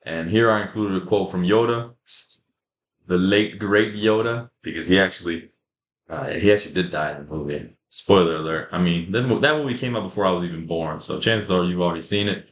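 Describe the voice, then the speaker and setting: A man's voice: low-pitched, a little fast, dull audio. A young man giving a casual, motivational fitness talk over slides. He repeats himself for emphasis and calls the viewers guys and bro. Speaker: fitness creator. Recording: echoey room.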